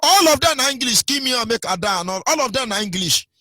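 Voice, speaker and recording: Nigerian man, radio host, high lively voice, preachy talk with pidgin asides, dry studio sound, faint music behind. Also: quick pace, dry recording. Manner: preachy, switches into pidgin and sing-song mimicry. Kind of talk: impassioned radio talk on culture.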